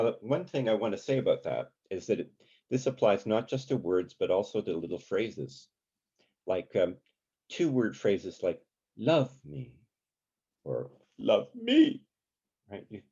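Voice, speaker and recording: A man leading a community songwriting workshop, talking in a relaxed, halting way with many ums and sung examples. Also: fairly low pitch, breathy edge, muffled recording. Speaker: songwriting teacher.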